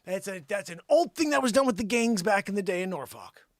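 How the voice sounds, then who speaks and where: A man hosting an improvised comedy news segment, yelling at an unseen listener and then dropping to mutters. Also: sits high, lively intonation, a little fast, dry recording, studio quality. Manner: yells at an unseen listener, swinging from shouts to mutters. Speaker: comedy show host.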